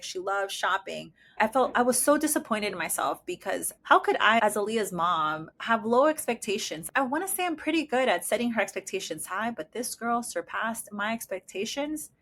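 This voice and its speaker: A woman's voice: mid-range voice, a bit bright. A middle-aged woman hosting a personal podcast as a mother, talking casually, emotionally and with enthusiasm. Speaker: podcast host, parent of a disabled daughter.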